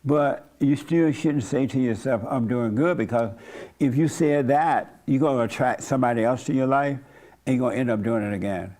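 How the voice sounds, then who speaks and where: This pastor has a warm, medium-pitched voice and a moderate pace. In an informal church service he addresses the congregation bluntly and conversationally, folksy in tone, prompting them for answers.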